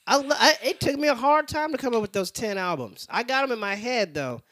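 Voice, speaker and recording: Male comedian in his thirties, animated up-and-down delivery, easy laugher. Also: very high voice, slight background noise. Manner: chatty, quick to laugh. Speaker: comedian guest. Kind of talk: casual podcast chat.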